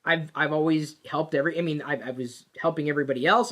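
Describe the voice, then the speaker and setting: A woman telling a personal work story in a casual, animated way, with plenty of fillers and restarts. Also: sits low, fast talker, few pauses. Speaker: vlogger.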